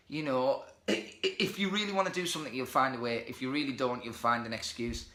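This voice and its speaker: A man hosting a casual live-stream talk, speaking in an animated, emphatic, motivational way, a little tipsy. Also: medium pitch, quick pace, few pauses, echoey room. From India. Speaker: host of a live show.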